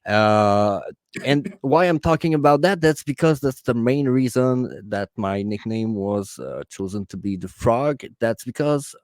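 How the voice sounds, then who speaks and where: A man from Quebec with a Quebec French accent, a native French speaker, chatting as a guest content creator and often pausing to search for English words. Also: mid-range voice, lively intonation, no echo, clean studio sound. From Quebec, Canada. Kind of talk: casual interview chat.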